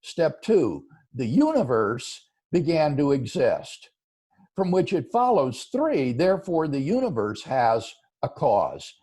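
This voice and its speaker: A philosopher answers viewer questions in an interview, earnest and explanatory. His mid-range voice is husky and slow, with a lively rising and falling delivery.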